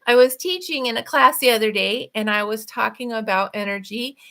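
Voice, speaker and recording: Laughing frequently, a high-voiced middle-aged woman hosts a casual talk about spiritual matters, talking quickly and with plenty of energy. She is an author who also hosts a podcast.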